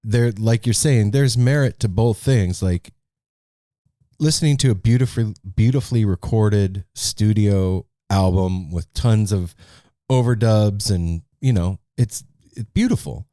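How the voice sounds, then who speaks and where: A man's voice: fairly low pitch, unhurried, warm tone, no room sound, studio quality. A man hosting a podcast, chatting casually and telling stories, often repeating words as he starts. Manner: thoughtful, tells anecdotes, stumbles on repeats. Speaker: podcast host. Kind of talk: casual conversation.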